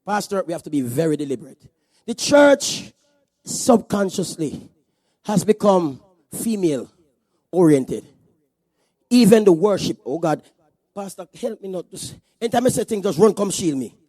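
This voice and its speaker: Brief: male pastor, very high voice, lively comic sermon delivery, dry close sound. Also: normal speed, long pauses, no room sound. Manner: animated, joking preacher. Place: church service.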